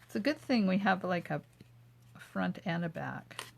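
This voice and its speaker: An older woman runs a live craft demo from her home craft room, talking through every step while working and chatting back to comments from viewers. Her voice is on the low side and animated, with vocal fry and a moderate pace, over a slight hiss or hum.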